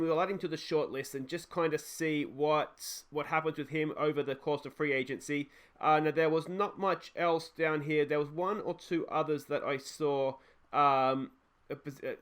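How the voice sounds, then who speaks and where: A man's voice: a little high, a bit bright. An Australian man hosting a baseball management let's play, musing aloud in a chatty, friendly way. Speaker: gaming channel host. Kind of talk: casual let's-play commentary.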